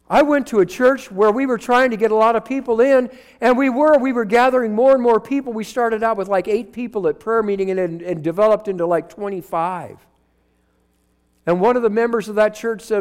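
A man's voice: high voice, expressive, normal speed. A male pastor preaching a sermon into a microphone, firing rhetorical questions at the congregation. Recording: long hall reverb.

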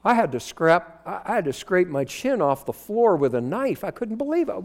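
A man preaching a sermon into a microphone, his high voice leaping up and down as he fires rhetorical questions at the congregation. The sound rings with a long hall reverb. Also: sing-song, normal speed, hardly any pauses. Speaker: pastor.

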